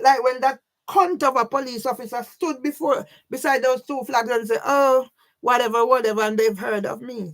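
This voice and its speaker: A woman's voice: on the high side, gravelly. A woman talking straight to her own camera in an emotional vlog, agitated, swearing a lot and often tossing in a questioning "yeah?". She sounds sleepless and overwrought. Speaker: vlogger. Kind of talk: emotional personal vlog monologue.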